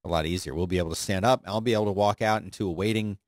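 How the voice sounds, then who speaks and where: A man's voice: low voice, very fast, no echo. A man hosting a podcast from an office studio, chatting casually with plenty of fillers and restarts. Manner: rambling, many fillers and restarts. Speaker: podcast host. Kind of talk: casual chat. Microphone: studio broadcast microphone.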